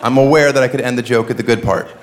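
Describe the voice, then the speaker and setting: A man's voice: medium pitch, steady tone, very fast. A man doing stand-up, delivering mocking roast jokes to a crowd. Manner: mocking, insulting punchlines. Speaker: stand-up comedian. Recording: live stage recording with loud ambient noise.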